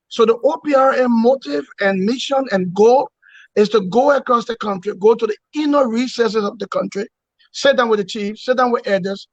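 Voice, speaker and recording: A Liberian man who leads an opposition movement appears as a guest in a political interview, using emphatic, repetitive oratory and rhetorical questions. His voice is extremely high-pitched, and the lo-fi recording sounds dull and dry, with no echo.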